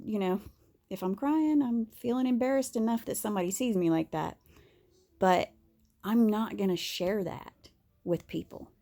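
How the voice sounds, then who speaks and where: Woman vlogger, candid rambling chat, husky fry in a darker voice. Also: medium pitch, mellow. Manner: candid and rambling, with many fillers and restarts. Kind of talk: casual monologue to camera.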